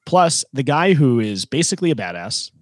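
A very animated man with a mid-range voice co-hosts a podcast and runs a trivia segment, talking casually at normal speed with many fillers and restarts. The studio-quality recording has no echo.

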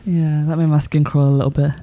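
A co-host in a casual podcast chat, lively and opinionated. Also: mid-range voice, fast talker, dry recording.

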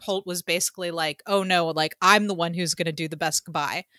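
Bright, chatty woman podcast host. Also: lowish voice, steady tone, brisk, no echo, clean studio sound. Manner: chatty, acts out reactions in quotes, frequent "like". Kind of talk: casual chat recapping a TV finale.

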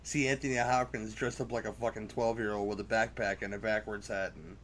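A man's voice: lowish voice, little pitch movement, brisk, fairly bright tone, a little hiss or hum. A man hosting a casual movie commentary, talking loosely and crudely and joking often. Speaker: podcast commentary host.

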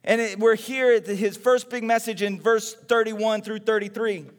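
A man from Texas preaching a sermon in a conversational, animated way, acting out everyday voices. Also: high-pitched, normal speed, in a large hall. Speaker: pastor.

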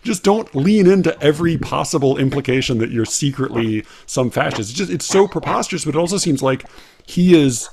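Chatty American man, halting and animated. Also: on the high side, gravelly, a little hiss or hum. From United States. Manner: animated, halting, with many fillers and restarts. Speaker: podcast co-host. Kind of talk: casual conversation about poetry.

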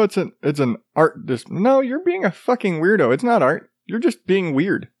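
A man's voice: on the high side, no echo. Crude ranting man, dry close sound. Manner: crude, ranting, laughs at own jokes. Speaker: podcast host. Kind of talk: casual profane monologue.

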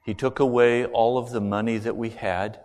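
A middle-aged man preaching a sermon, telling a personal story earnestly and swinging between hushed and loud delivery. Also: mid-range voice, steady tone, normal speed. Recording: long reverb of a large hall.

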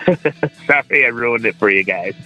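A man's voice: mid-range voice, expressive, slow, pushed and bright, faint music behind, rough recording. A man chatting on a casual podcast, joking at his own expense. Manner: chatty, self-mocking humor.

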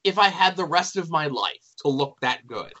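A man's voice: a little high, lively intonation, moderate pace, bright, forceful tone, lo-fi sound. A man hosting a casual talk, filling in background for listeners with the odd "uh". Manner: explains things for listeners, fillers like "uh". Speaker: podcast host. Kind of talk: casual chat.

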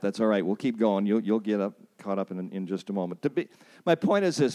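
An earnest man teaches a church counseling class with a mid-pitched voice. He leans hard on key phrases and repeats them for weight, and now and then he acts out someone's pleading words in a higher voice. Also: darkish tone. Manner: earnest, emphatic, repeats key points for emphasis. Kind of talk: teaching a church seminar with scripture references.

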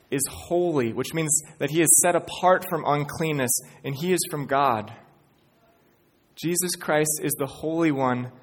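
Preaching man with a hall echo. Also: fairly high pitch. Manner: earnest, builds to emphatic peaks. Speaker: pastor. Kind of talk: sermon. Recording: church hall reverb.

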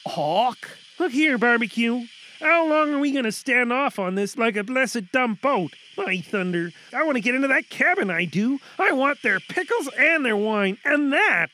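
A man's voice: very high-pitched, animated, moderate pace, sharp tone, full character voice, poor audio. A man playing an eager, impatient pirate sailor.

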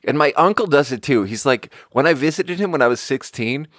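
A man's voice: medium pitch, animated, fairly quick, fairly bright tone, dry recording, clean studio sound. A young man hosting a podcast, telling a story in a casual, rambling way and saying "like" a lot. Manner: rambling, conversational, heavy use of "like". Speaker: podcast host.

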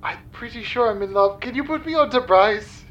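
A man's voice: very high voice, expressive, a bit bright, dull audio, heavily acted. An actor playing Ja, an awkward, lovestruck man phoning in during an improvised comedy sketch. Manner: awkward, halting, insistent.

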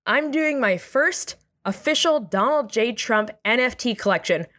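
A woman reading out a boastful older male politician's ad in a flat, reluctant way. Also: a little high, unhurried.

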